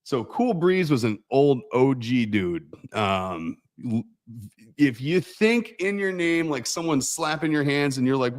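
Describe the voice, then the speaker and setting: A man co-hosting a casual livestream with a rambling, animated storytelling manner. His voice sits in an ordinary middle pitch. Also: measured pace. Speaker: co-host.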